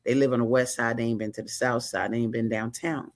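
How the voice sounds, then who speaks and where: A woman hosting an interview show, exuberant and slangy, talking in fast bursts. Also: extremely low pitch, steady tone. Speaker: talk show host. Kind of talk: lively interview chat.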